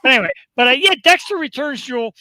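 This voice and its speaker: A man co-hosts a live talk show, joking around in quick excitable bursts. His voice is bright and forceful, recorded close and dry with no room sound. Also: very high voice, no room sound, poor audio. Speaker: co-host. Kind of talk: casual chat.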